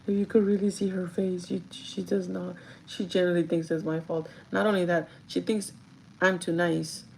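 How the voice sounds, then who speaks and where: A woman talks casually to her live viewers while getting ready, speaking to them directly and laughing often. Her voice sits low with a gravelly, fry-heavy edge. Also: little pitch movement, moderate pace, a little mellow, a little hiss or hum, rough recording. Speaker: livestreaming vlogger and store manager. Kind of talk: casual chat while doing makeup, reading live chat.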